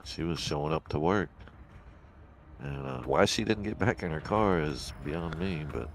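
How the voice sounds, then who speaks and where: Very deep guy, crude loud chat, swoops up and down a lot. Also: animated, unhurried. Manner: crude, laughing, loud whoops. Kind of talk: casual chat.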